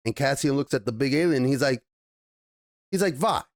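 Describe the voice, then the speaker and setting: Casual male reviewer, animated and foul-mouthed, dry close mic. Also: mid-range voice, a little fast, dry recording. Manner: animated, swears often.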